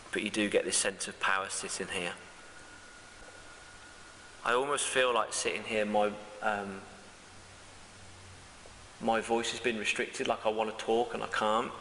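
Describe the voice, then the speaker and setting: A man speaking as a medium on a ghost hunt, halting and fervent, with many restarts. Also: on the low side, fairly even intonation, sharp tone, long reverb tail, a little hiss or hum, rough recording. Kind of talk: emotional first-person reflection.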